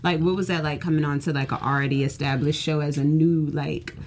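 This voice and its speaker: A woman's voice: sits low, a little fast, slight background noise. A woman co-hosting a casual interview, asking long loose questions. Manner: relaxed, filler-heavy questions. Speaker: podcast co-host.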